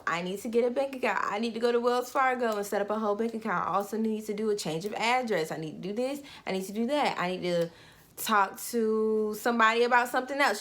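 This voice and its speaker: A woman's voice: fairly high pitch, fairly bright tone. A young woman talking casually and animatedly straight to her viewers in a goal-setting vlog. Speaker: vlogger.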